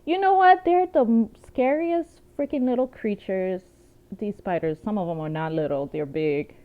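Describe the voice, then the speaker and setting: A woman chatting casually to her viewers, telling lively stories with plenty of asides. Her voice sits at an ordinary middle pitch. The recording sounds a bit dull and lo-fi. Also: moderate pace. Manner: chatty, animated storytelling with laughs and asides. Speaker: vlogger. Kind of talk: casual chat.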